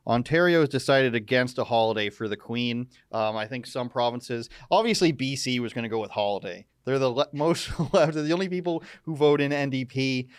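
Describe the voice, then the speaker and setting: A man hosts a live news commentary stream, cracking jokes and wandering into sarcastic asides. His voice is smooth and resonant at a middle pitch. The sound is dry and close. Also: fairly quick, few pauses, no room sound. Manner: joking, sarcastic, rambling asides.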